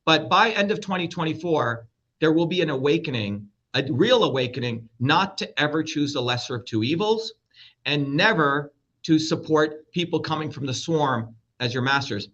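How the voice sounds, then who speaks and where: A man's voice: fairly high pitch, animated, normal speed, fairly bright tone. A middle-aged man from India, a presidential candidate talking as a guest, blunt, combative and profane. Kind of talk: heated interview talk. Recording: dull lo-fi audio.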